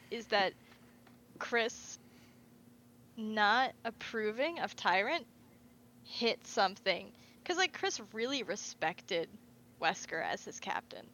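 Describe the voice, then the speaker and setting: A woman co-hosting a casual fan podcast, retelling game scenes in an animated way and quoting the characters. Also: a little high, slight background noise, rough recording. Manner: animated storytelling, quotes characters in asides. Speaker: podcast co-host.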